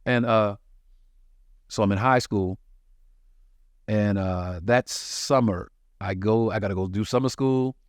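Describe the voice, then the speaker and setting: A male comedian from New York City telling his life story in a casual podcast chat, animated and profane, acting out the people he quotes. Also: lowish voice, takes it slowly, long pauses, dry recording, studio quality. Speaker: touring comedian, podcast co-host.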